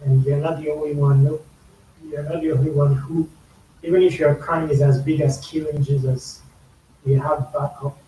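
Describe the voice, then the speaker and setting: A man's voice: on the high side, level tone, moderate pace, warm tone. Nigerian man explaining slang in an echoey room. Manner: explains slang patiently, repeats phrases for emphasis. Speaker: YouTube music reaction host. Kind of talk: casual explanatory commentary. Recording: echoey room, mic a bit far, faint hiss.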